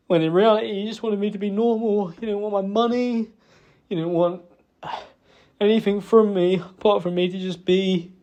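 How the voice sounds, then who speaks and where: A young man apologising to his partner in a private talk, halting and remorseful, stumbling over fillers and swearing. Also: high voice, mellow, muffled recording.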